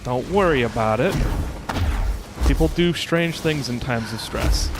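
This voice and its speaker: A young man streaming a video game, reacting loudly and chatting with his viewers. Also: medium pitch, unhurried, background noise. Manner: excitable, shouts exclamations, chats to viewers. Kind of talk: casual gameplay streaming with chat. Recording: game music playing behind.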